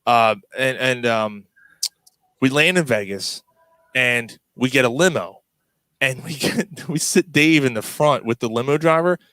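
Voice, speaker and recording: A man's voice: medium pitch, unhurried, sharp tone, smooth, no room sound. A man hosting a casual chat, telling a long story with many restarts and laughs. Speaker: podcast host.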